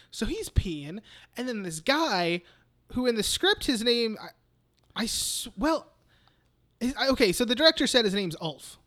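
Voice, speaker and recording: A man with a high voice chats loosely on a podcast, walking through a film scene by scene. He swears freely, restarts his sentences and drops into little mock quotes of the characters. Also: big pitch swings, a little slow, bright, forceful tone. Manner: rambling, profane retelling of scenes with mock quotes. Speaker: podcast co-host. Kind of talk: casual movie chat.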